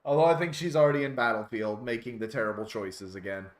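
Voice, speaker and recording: A man's voice: mid-range voice, fast talker. A young man casually commenting on a game he streams, wry and joking. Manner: wry, joking, laughs often.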